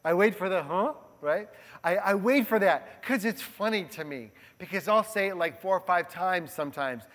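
A male pastor giving a sermon in a conversational, animated way, often checking in with the congregation. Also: sits high, moderate pace. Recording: long hall reverb.

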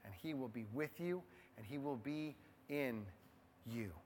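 A man preaching a sermon to a group of men in a conversational way, swinging between hushed low asides and loud, emphatic stresses. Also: lively intonation, a little slow, a little hiss or hum. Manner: conversational, addresses the men in the room. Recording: long hall reverb.

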